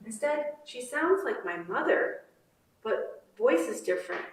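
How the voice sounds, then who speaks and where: Woman presenter, reading aloud, slow and measured, echoey room, distant mic. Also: on the high side, big pitch swings. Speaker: conference presenter. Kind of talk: reading a short story aloud, then commentary. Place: conference room. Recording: roomy hall from far off.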